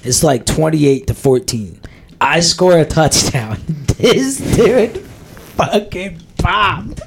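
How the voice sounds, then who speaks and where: A man's voice: on the high side, expressive, slow, vocal fry, background noise. A man hosting a podcast, telling stories with lots of swearing and laughter. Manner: profane, laughing storyteller. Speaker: podcast host. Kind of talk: casual chat.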